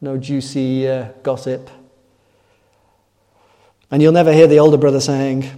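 Earnest guy preaching a sermon, mellow tone, big echoey church hall. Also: medium pitch, flat delivery, measured pace, long pauses. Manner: earnest, asks rhetorical tag questions. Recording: long echoing hall reverb.

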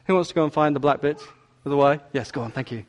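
A man preaches a sermon in church, emphatic and repetitive, repeating key words and talking with the congregation to draw them in. His voice is on the high side and fast.

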